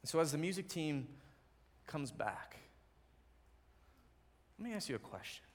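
A man preaching a sermon as pastor, dropping to soft, quiet lines and then building to loud, emphatic passages, and reading scripture in a lower, steadier voice. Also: big pitch swings, unhurried, pauses often.

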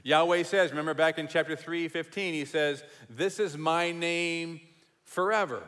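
A man's voice: a little high, normal speed. Emphatic preacher man in a reverberant hall. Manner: emphatic, repeats phrases, drops to a hush on key words. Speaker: pastor. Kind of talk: sermon.

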